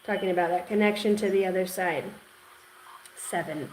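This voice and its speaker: A woman giving an intuitive tarot reading, rambling and excitable, repeating words and swearing now and then. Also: lowish voice, moderate pace, slight background noise, poor audio. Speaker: tarot reader.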